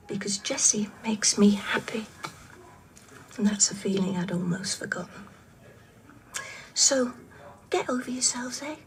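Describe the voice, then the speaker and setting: A woman's voice: fairly high pitch, a little hiss or hum. An actress playing an older mother standing by her new partner, firm and earnest, in a TV soap. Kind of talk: TV soap drama acting.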